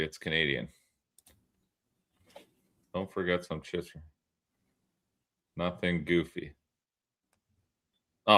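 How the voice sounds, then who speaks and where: A man co-hosting a podcast, joking around with a tense, forceful edge to his voice. He sits a little low in pitch and laughs easily, swears freely and keeps the banter loose. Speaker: podcast co-host. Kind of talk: casual banter.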